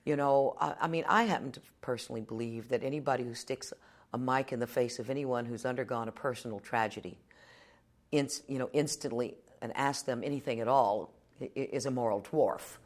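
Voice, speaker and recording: A woman in her fifties from Texas talks in a low, deep voice. She answers questions as a veteran television journalist. She is plainspoken and wry, turning her points into short stories. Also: brisk. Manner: wry storyteller, plainspoken and lively. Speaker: television journalist, interview guest. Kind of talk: casual interview answers.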